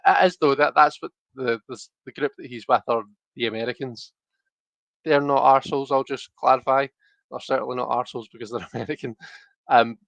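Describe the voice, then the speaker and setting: A man in his thirties rambles through a casual livestream chat with viewers, circling back and restarting his sentences. His voice has a gravelly, fry-laden texture and sits at an ordinary pitch. The sound is dry and close, with almost no room echo. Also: a bit bright. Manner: rambling, chatty, many restarts and fillers. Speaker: tarot livestream host.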